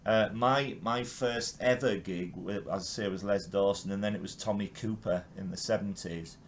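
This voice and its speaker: A man's voice: lowish voice, fairly even intonation, normal speed, slight background noise. An older man from England hosting a podcast interview, chatting enthusiastically with frequent restarts. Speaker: podcast host. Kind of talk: casual interview chat.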